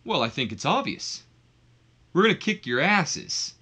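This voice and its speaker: A man putting on a brash, cocky wrestler voice, delivering loud, boastful trash talk. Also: a little high, very animated, unhurried, slightly rough, pitched above the performer's own voice, full character voice.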